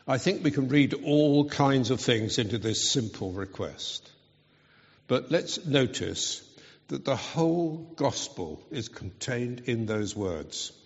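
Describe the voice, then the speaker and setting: A man's voice: mid-range voice, animated. A man preaching a sermon, speaking earnestly and with emphasis. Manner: slow, earnest, emphatic delivery. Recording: dull, reverberant hall sound.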